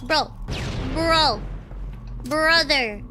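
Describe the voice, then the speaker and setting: A woman's voice: sits high, extremely slow, background noise. A young woman streaming a game, exclaiming, swearing and raging at her matches. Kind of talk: live gameplay commentary.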